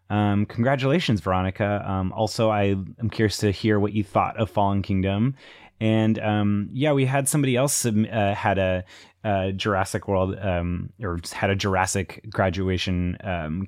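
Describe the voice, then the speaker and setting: A podcast host, a man with a deep, low-pitched voice, talks casually and with enthusiasm, often filling gaps with small hesitations. He reads listener emails aloud between his own remarks. The sound is dry and close, with no room echo. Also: darkish tone. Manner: chatty and enthusiastic, with frequent fillers.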